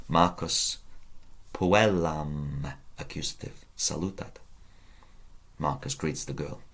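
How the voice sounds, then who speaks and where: In this whiteboard Latin lesson, a low-voiced man with a fairly bright tone works through conjugations out loud, his emphasis building as he goes. He stays patient throughout and addresses his viewers directly with encouragement.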